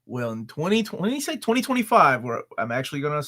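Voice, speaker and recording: A man in his forties co-hosting a live comics chat show, enthusiastic and relaxed, reading sponsor spots and answering viewers. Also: on the high side, fast talker. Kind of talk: casual live-stream chat.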